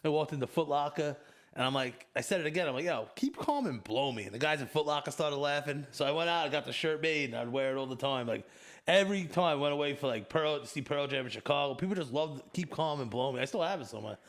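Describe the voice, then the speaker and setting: A man's voice: fairly high pitch, fast. A man hosting a casual podcast, telling crude stories with lots of swearing and laughter. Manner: profane, animated storytelling with laughs. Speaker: podcast host. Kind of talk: casual chat.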